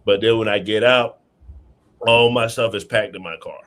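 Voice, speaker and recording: Low-voiced man telling a story casually. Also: fairly even intonation, moderate pace, fairly bright tone. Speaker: guest telling his story. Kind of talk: casual chat.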